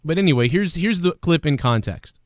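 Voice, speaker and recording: A man hosting a podcast, ranting in a profane, animated way and mimicking people as he talks. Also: fairly high pitch, moderate pace, no echo, clean studio sound. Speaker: podcast host.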